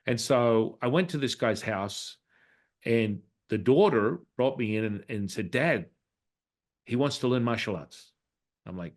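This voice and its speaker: A man's voice: medium pitch, animated, moderate pace. A man, a Taoist priest and healer, telling a reflective personal story in a casual interview and acting out the dialogue in it. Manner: reflective, acts out quoted dialogue in his story; frequent restarts and fillers.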